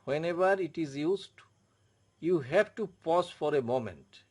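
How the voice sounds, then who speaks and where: A man with an Indian English accent teaches French in a slow, deliberate classroom manner. His voice sits a little high for a man, and he repeats key words and spells letters out one by one. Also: lively intonation, a little mellow, slightly rough. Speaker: French tutor. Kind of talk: classroom explanation.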